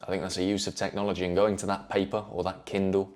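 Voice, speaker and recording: Low-pitched male host, earnest motivational talk, measured delivery. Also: little pitch movement, a little mellow. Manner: earnest, measured, repeats phrases for emphasis. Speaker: self-improvement video host.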